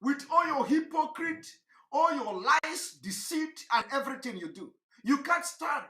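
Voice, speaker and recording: A man lectures his listeners in an impassioned livestream, repeating phrases and firing rhetorical questions. His voice is forceful and bright, sometimes rising to a shout and then dropping low. The sound carries a roomy echo. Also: lively intonation, unhurried. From Nigeria. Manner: preachy, repetitive, rhetorical questions, swings between shouting and low tones. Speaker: online broadcaster.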